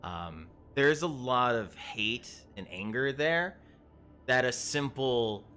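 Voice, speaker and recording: Slow, halting game-master guy. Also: medium pitch, expressive, bright, forceful tone, slight background noise. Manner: halting, many fillers and restarts, casual profanity. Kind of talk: narrating a tabletop game.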